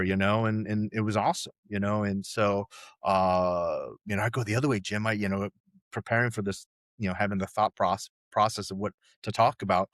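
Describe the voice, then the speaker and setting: A man's voice: fairly low pitch, no room sound. Rambling, swearing man in his sixties. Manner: rambling, profane, many restarts and "you know"s. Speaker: podcast guest. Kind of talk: casual storytelling chat.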